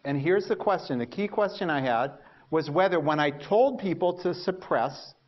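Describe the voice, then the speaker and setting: A male lecturer with a fairly high voice tells anecdotes about his early research in an animated style, mocking himself and acting out what he used to think. The recording sounds a little muffled. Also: normal speed. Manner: animated storytelling, acts out his past thoughts; self-mocking humor. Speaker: university lecturer.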